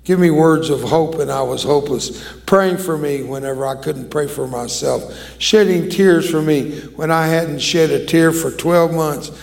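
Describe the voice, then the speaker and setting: A man's voice: a little high, unhurried, gravelly. An older man preaching a sermon as an evangelist, emphatic and drawing the congregation into call-and-response.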